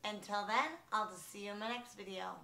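A woman vlogger giving an unhurried, casual show-and-tell from her bedroom at home, with many ums and restarts. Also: medium pitch, steady tone, creaky, roomy sound.

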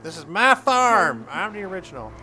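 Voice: medium pitch, big pitch swings, moderate pace, bright, forceful tone. A gameplay host giving playful let's-play commentary, goofing around and role-playing the game's farmer with mock drama. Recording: noisy home recording.

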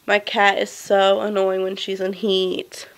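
A young woman from the South with a Southern US accent, chatting to camera in a casual daily vlog and telling stories in an animated way. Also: medium pitch, unhurried, heavy background noise. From Southern United States. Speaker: vlogger.

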